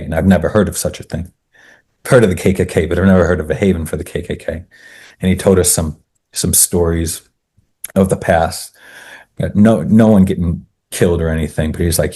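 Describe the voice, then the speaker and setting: A man from Maine, a podcast guest, telling a story in a relaxed conversational way, often restarting his sentences and adding asides. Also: deep voice, moderate pace, pauses often, husky. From Maine, USA.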